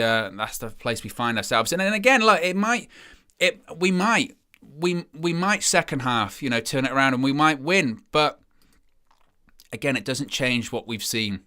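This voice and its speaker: A young man hosts a live football watch-along, rambling, dejected about his team's play and mocking himself. His mid-range voice has a sharp, clean tone.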